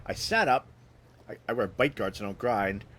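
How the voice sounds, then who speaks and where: A man's voice: lowish voice, normal speed. Guy hosting a live stream, telling a story, voice bouncing all over, faint noise behind. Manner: animated storytelling, frequent restarts. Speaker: host. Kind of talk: live-streamed casual talk to viewers.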